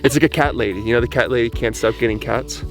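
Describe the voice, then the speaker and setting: Gravelly easygoing man vlogging. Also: mid-range voice, fast, soft background music. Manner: easygoing, joking. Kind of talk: casual vlog chat with sponsor read.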